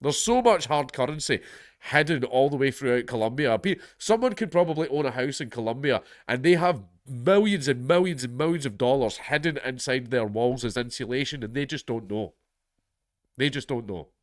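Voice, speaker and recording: In a medium-pitched, expressive voice and at a slightly fast clip, a Scottish man with a head cold reads a news article on his commentary channel. His nose is blocked up, and he keeps cutting away for sardonic, sweary asides. The audio is clean studio sound with no room sound.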